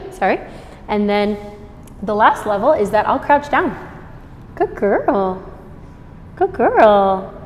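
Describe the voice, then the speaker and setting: A woman dog trainer giving an instructional demonstration, explaining her steps and praising the puppy in a high, cheerful voice between explanations. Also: big pitch swings, drawn-out words, long pauses, in a large hall, a little hiss or hum. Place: store, indoors.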